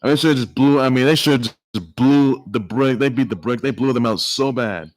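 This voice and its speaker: A man's voice: mid-range voice, fairly quick. A man doing a casual sports vlog, trash-talking and repeating himself with lots of filler words. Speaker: sports vlogger.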